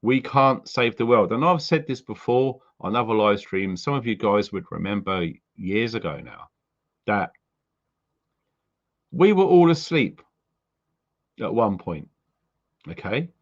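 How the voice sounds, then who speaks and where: A man's voice: fairly low pitch, big pitch swings, measured pace, pauses often, muffled recording. A man from the UK hosting a live stream about prepping, talking bluntly and with swearing about what he believes. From United Kingdom. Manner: blunt, sweary, heartfelt ranting. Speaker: prepping channel host.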